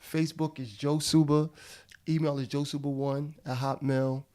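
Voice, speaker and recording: A man's voice: fairly high pitch, flat delivery, normal speed, mellow. A middle-aged man who is a guest actor, talking casually on a podcast in slangy, loose speech. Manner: slangy and loose, calls people bro. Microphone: studio podcast mic.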